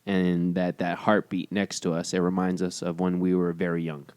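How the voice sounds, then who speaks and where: Low-voiced man explaining earnestly. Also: monotone, moderate pace, a little mellow, dry recording, clean studio sound. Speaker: podcast co-host. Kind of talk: casual chat.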